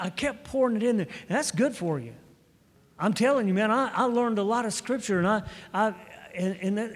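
High-voiced preacher man in echoing hall. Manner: storytelling testimony with repeated restarts. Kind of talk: sermon. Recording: long hall reverb.

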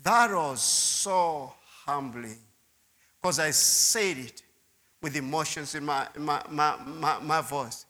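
A man's voice: fairly high pitch, takes it slowly, sharp tone. A man preaching a sermon testimony, telling his story with repeated words and asides to the listeners. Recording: long hall reverb.

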